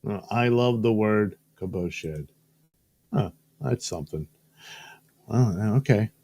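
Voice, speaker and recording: A man's voice: lowish voice, takes it slowly, dark tone, slightly rough. A man hosting a live show in a casual, joking way, reading viewer comments aloud and tossing in silly voices. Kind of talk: casual live-stream chat. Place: studio.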